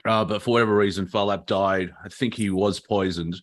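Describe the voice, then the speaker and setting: A man's voice: lowish voice, fairly even intonation, brisk. A man, co-hosting a comedy chat on a video call and telling rambling jokes and stories. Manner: rambling, joking storyteller. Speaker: comedian co-host.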